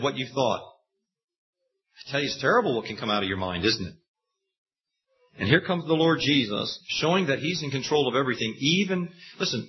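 A man preaching a sermon, telling Bible stories with lively acted-out quotes. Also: on the high side. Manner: animated storytelling preacher, acts out quoted voices. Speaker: pastor. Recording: dull lo-fi sound.

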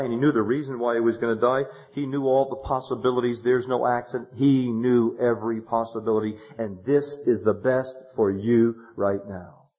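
A man preaching a sermon, retelling a counseling story, animated and swinging from hushed words to loud exclamations. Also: mid-range voice. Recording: dull lo-fi sermon tape.

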